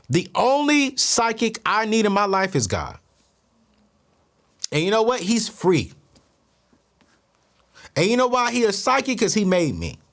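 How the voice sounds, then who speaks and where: Animated, high-pitched man telling a story. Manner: expressive, acts out both sides of dialogues, voice jumps high in disbelief. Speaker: host.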